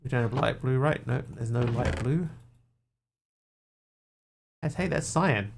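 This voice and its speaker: Gravelly-voiced man streaming a game. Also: medium pitch, a little slow, noisy background. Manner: thinks aloud, counts under his breath, chats with viewers. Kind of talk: casual chat while playing a game.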